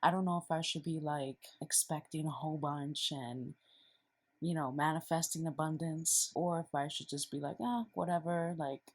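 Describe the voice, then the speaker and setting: A woman vlogging casually, chatty and excitable, talking straight to her viewers. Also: low-pitched, normal speed. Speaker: beauty and fitness vlogger. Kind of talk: casual vlog diary.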